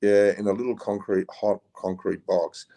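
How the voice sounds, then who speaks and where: Gravelly low-voiced Australian man. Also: level tone, moderate pace, dark tone. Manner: rambling, frequent ums, laid-back. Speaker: podcast guest. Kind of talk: casual storytelling.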